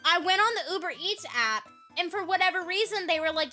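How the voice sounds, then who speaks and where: A young woman streamer telling a trip story in casual live-stream chat, animated and swearing freely. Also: very high-pitched, quick pace, soft background music.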